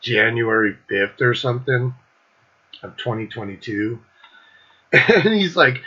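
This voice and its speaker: A man's voice: mid-range voice, sing-song, slow, pauses often, sharp tone, husky, highs cut off. A middle-aged man hosting his own show, telling a rambling concert story with lots of swearing and laughter. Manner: profane, laughing, loose and rambling. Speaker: host.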